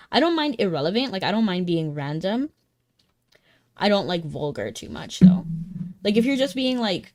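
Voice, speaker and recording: A young woman streams a game and chats casually with her viewers, bubbly and talkative. Her voice sits on the low side with a darkish tone, and faint game music plays behind her.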